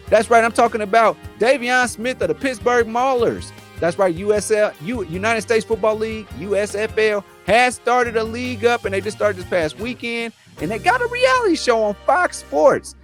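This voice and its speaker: A high-pitched man with a bouncing, animated delivery hosts a casual news chat. He talks in a relaxed way, circling back over his own words. A soft bed of music plays under him. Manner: laid-back, repeats words, says man a lot. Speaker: podcast co-host.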